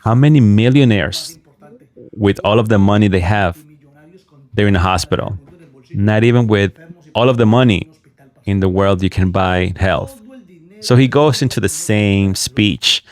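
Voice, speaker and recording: A man's voice: fairly low pitch, a little slow, long pauses. A man giving sarcastic, mocking commentary while translating and reacting to video clips. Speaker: online commentator.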